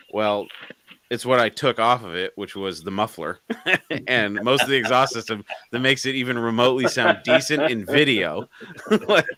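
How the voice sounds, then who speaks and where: A man's voice: lowish voice, bright, forceful tone, dry recording. A man co-hosting a live car show, telling a story in casual chat, swearing freely and laughing between lines.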